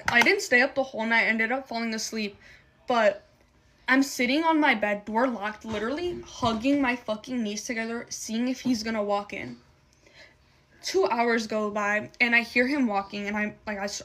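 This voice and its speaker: Bright, emotional young woman telling a story. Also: fairly high pitch. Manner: emotional, heavy swearing and filler "like". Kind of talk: casual storytime while doing makeup.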